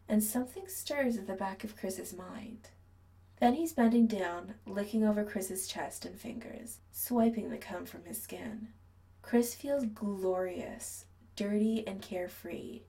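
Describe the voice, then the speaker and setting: A woman reading a story aloud in a soft, hushed narration that often drops to a whisper. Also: medium pitch, vocal fry, distant mic, rough recording. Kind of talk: scripted narration.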